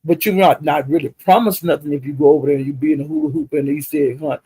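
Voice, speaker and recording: Gravelly gossiping man chatting to his stream. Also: fairly high pitch, very animated, fast, warm tone, no room sound, poor audio. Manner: gossipy, drawling, addresses chat directly. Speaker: commentator recapping livestream drama. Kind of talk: casual chat to a livestream audience.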